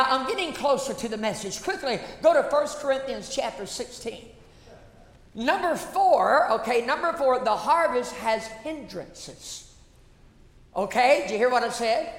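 A woman's voice: a little high, animated, measured pace, fairly bright tone. A woman pastor preaching a sermon, emphatic, repeating phrases and calling out questions to the congregation. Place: church sanctuary. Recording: echoey church hall reverb.

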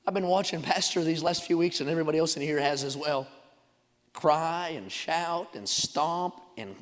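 A man with a high, ringing voice preaches in a church sanctuary. The long reverb of the hall trails after his shouted, chant-like lines, and he drops to softer, chatty asides between them. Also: lively intonation, normal speed. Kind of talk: revival sermon.

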